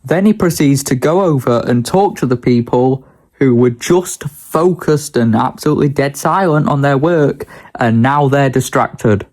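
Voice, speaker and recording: A man's voice: mid-range voice, measured pace, a little mellow. A young man, talking casually and bluntly in a daily vlog, ranting with a lot of swearing. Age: young adult. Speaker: vlogger.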